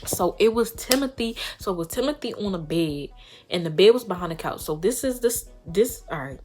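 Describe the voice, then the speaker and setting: A woman's voice: mid-range voice, a little fast, faint music behind. A young woman vlogger telling a story in a casual, slangy way and talking straight to her viewers. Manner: animated, slangy, addresses viewers directly.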